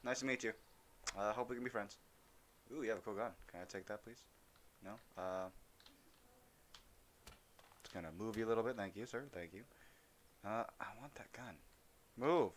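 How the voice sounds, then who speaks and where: A man's voice: lowish voice, moderate pace, long pauses, a bit bright, slight background noise. A young man streaming a shooter game, rambling and joking as he talks to the characters he meets. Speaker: gaming streamer. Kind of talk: casual let's-play commentary.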